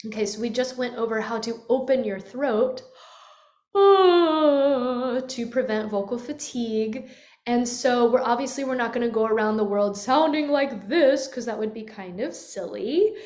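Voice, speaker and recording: High-voiced woman teaching in an echoey room. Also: normal speed, darkish tone. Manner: demonstrative, swoops into yawns and sighs. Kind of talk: guided vocal lesson. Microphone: webcam.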